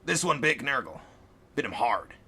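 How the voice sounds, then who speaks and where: A man's voice: mid-range voice, big pitch swings, moderate pace, bright, forceful tone, slightly rough, pitched above the performer's own voice, full character voice. A man doing a wounded, wry masked mercenary. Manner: dry, matter-of-fact. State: hurt, coughing. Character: wounded, wry male mercenary leader in a mask.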